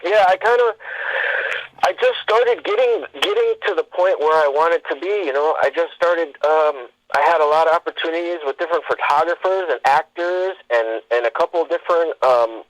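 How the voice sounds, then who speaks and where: A man's voice: fairly high pitch, moderate pace, no room sound, rough recording. A man, a guest on a talk show, telling stories in a rambling way with many fillers and restarts. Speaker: podcast guest. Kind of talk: casual interview storytelling.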